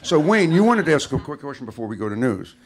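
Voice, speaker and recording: A man hosting a live radio interview on stage, bantering quickly and steering toward breaks. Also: mid-range voice, big pitch swings. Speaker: radio host. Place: live stage before an audience. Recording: noisy live stage mix.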